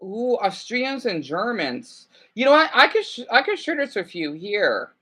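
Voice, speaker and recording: Woman streamer, casual chat, talks in restarts and exclamations, bright edge to the tone. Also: mid-range voice, big pitch swings, a little slow, slightly rough. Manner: chatty, self-correcting, full of exclamations. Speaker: livestreamer.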